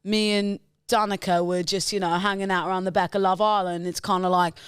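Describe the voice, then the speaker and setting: A woman's voice: medium pitch, level tone, fairly quick, smooth, dry recording, clean studio sound. A woman from New Zealand co-hosting a podcast in casual chat, rambling and giggly. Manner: giggly, rambling, tries silly accents. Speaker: podcast co-host.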